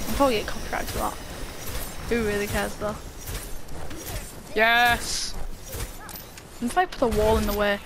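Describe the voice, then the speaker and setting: A woman giving excited, giggly commentary while playing a game, yelping and shouting at what happens on screen. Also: a little high, a little slow, long pauses, noisy background. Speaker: gaming video host.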